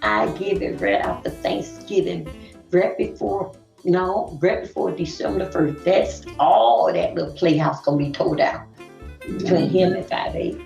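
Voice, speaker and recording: A woman's voice: lowish voice, steady tone, a little slow, vocal fry, a little mellow, echoey room, soft background music. A woman from Florida, rambling through casual commentary on a group call.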